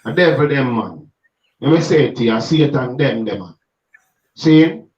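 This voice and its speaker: A man's voice: medium pitch, lively intonation, normal speed, darkish tone. Emphatic Jamaican man, echoey and distant. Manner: emphatic, preachy, speaks in patois. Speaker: street gospel minister. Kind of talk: passionate reasoning conversation. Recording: echoey, distant, muffled sound.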